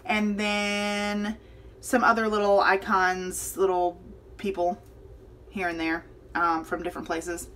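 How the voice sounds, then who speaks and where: A woman's voice: medium pitch, completely flat delivery, slow pace, a bit bright, a little hiss or hum. A young adult woman chatting casually as she flips through her planner, rambling, with lots of fillers and self-corrections. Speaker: planner vlogger. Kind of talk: casual chat during a planner flip-through.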